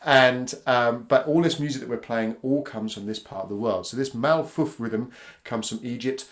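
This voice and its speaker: A man's voice: mid-range voice, normal speed. A British man facilitating a live online drumming workshop for families over a video call, upbeat and encouraging. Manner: upbeat, encouraging, counts in loudly.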